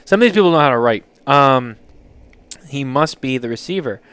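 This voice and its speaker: A podcast host, male, speaks at a medium pitch with lively intonation and a normal pace, his tone fairly bright and clean with no room sound. He's running a casual show, reading listener submissions aloud and reacting with loose, joking commentary full of swearing.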